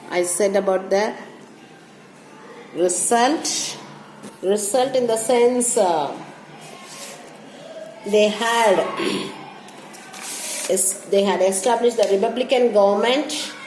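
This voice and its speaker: Slow-speaking woman teacher, echoey room. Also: mid-range voice, darkish tone. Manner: halting, restarts phrases, repeats dates. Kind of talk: classroom history lecture. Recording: echoey room with faint hum.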